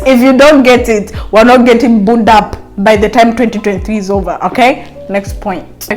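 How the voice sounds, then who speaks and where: A woman's voice: on the high side, darkish tone. A woman vlogger giving casual dating advice straight to her viewers in a playful, teasing way. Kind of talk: casual advice chat to camera.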